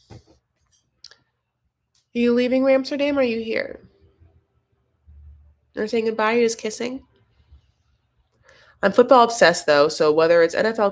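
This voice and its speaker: A young woman hosting a casual live-stream chat from home, rambling through her thoughts and reading viewer comments aloud. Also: mid-range voice. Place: home, Los Angeles.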